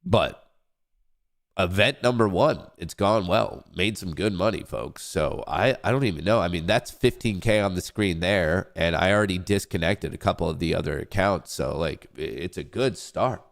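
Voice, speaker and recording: Stuffed-up low-voiced man hosting a livestream. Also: normal speed, vocal fry. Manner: rambling, joking, self-hyping. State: congested, stuffed-up nose. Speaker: livestream trading show host. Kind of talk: casual livestream chat.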